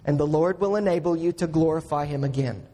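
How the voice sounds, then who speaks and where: A man preaching a sermon as a pastor, slow and earnest, pressing each point with emphatic rises. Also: a little high, mellow. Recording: long hall reverb.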